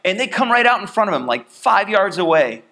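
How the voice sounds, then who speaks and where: A man preaching a sermon, telling a personal story in a chatty, animated way and acting out the scenes. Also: high voice, a little fast. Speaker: pastor.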